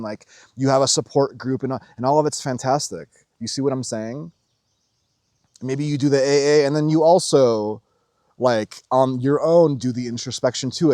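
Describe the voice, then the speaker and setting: A man hosting a casual spiritual monologue, rambling and swearing, acting out quotes in animated voices. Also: medium pitch, dry recording, clean studio sound. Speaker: spiritual video host.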